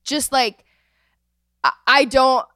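Effusive young woman host, smooth voice. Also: sits high, fairly even intonation, slow pace, pushed and bright, no echo, studio quality. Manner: gushing, effusive, many "like" fillers. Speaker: podcast host. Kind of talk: casual chat.

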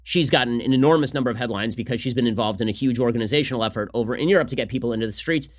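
A man hosting a political podcast, talking fast in a combative, sarcastic solo commentary. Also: mid-range voice.

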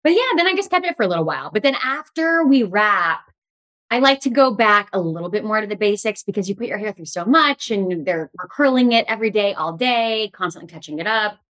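Laughing Californian actress, chatty. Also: female voice, medium pitch, brisk. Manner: laughs often, animated. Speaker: actress guest. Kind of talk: casual interview chat.

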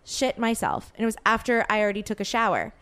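Chatty young woman with a smooth voice. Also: mid-range voice, quick pace. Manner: rambling, animated, filler-heavy retelling. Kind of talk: casual storytelling chat.

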